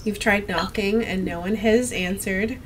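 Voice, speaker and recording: A woman narrating as game master of a tabletop game, slow and relaxed, with a cough. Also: medium pitch, a little hiss or hum.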